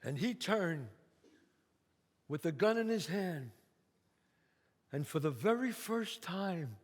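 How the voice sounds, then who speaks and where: Dramatic New storyteller on stage. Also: male voice, high voice. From the Bronx, New York. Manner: vivid, dramatic, streetwise. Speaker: solo stage performer. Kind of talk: theatrical storytelling. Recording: stage reverb in a hall.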